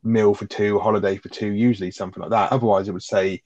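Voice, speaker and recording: A man's voice: lowish voice, steady tone, fast talker, darkish tone. A man co-hosting a casual chat about a sitcom episode, rambling with fillers and the odd swear. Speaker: podcast co-host. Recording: dull lo-fi sound.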